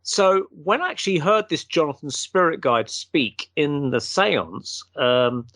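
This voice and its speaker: A man, a guest, telling a long anecdote in a casual, animated way and acting out the quotes. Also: fairly high pitch, unhurried, no room sound.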